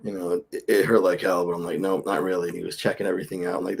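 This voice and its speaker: Low gravelly middle-aged man. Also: flat delivery, rapid-fire, hardly any pauses, slight background noise. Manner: candid, blunt retelling with quoted dialogue and swearing. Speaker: vlogger. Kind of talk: casual storytelling to camera.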